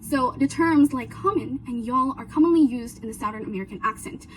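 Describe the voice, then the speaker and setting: A woman's voice: fairly high pitch, quick pace, darkish tone, a little hiss or hum, rough recording. A young woman giving an earnest class presentation, walking through her points one by one. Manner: earnest, explanatory, lists points with "so" and "now". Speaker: student presenter.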